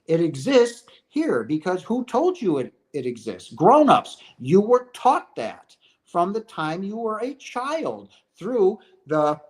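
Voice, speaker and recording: Middle-aged guy preaching spiritual stuff to viewers, earnest, keeps saying right?. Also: high voice. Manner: earnest and preachy, repeats phrases, asks "right?". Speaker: host of a chat stream.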